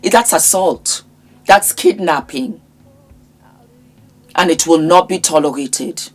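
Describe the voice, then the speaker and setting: A woman's voice: fairly low pitch, slow pace. A woman vlogger with a sore throat, giving an impassioned, scolding commentary with emphatic repetition. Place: in England.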